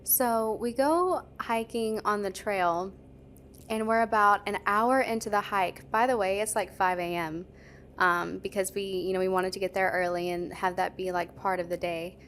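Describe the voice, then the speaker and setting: A woman's voice: medium pitch, steady tone, normal speed, a bit bright, a little hiss or hum. A young adult woman, a podcast co-host, telling a story in casual chat, full of "like" fillers. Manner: chatty, lots of "like" fillers.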